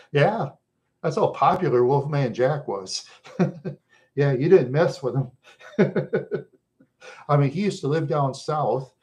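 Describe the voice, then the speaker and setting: Rough-voiced man rambling with chuckles. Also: on the high side, expressive, slow pace, pauses often, darkish tone. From Minnesota. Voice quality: rough voice worn down by smoking. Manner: chuckles often between loose, rambling stories. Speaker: livestream host chatting with viewers. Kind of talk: casual rambling chat.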